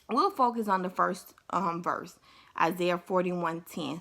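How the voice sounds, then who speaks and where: Chatty young woman with a gravelly edge. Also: on the low side, measured pace, a bit bright. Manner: chatty, upbeat, playful asides with laughs. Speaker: faith vlogger. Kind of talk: casual devotional talk.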